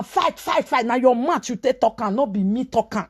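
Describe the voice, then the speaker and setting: A woman with a Nigerian Pidgin accent, vlogging in dramatic storytelling commentary. Her voice sits fairly high and swings widely, and she scolds hard, shouting one moment and dropping low the next. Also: lively intonation, moderate pace, hardly any pauses, husky. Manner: scolding, dramatic, shouts and switches between loud and hushed.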